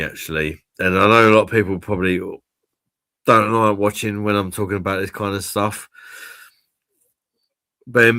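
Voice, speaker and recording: A man's voice: deep voice, bright, forceful tone, no echo. A man hosting a casual live stream, chatting to viewers and swearing freely.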